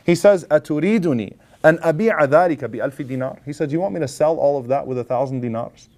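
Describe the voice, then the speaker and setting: A man giving a casual religious lecture, telling a story with animated voices for the people in it and dropping in Arabic phrases. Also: fairly high pitch, fast. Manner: casual and lively, acts out quoted lines, mixes in Arabic phrases.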